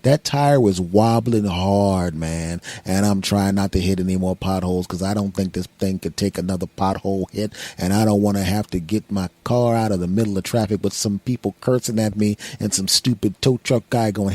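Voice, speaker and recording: A man's voice: low voice, moderate pace, hardly any pauses, warm tone, dry recording. Rambling comedic man from Philadelphia. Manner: rambling, self-mocking storyteller with voiced asides. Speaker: podcast host. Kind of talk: comedic monologue.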